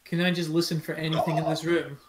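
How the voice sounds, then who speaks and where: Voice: mid-range voice, little pitch movement, quick pace, background noise. A player chatting casually in a tabletop game, making teasing asides.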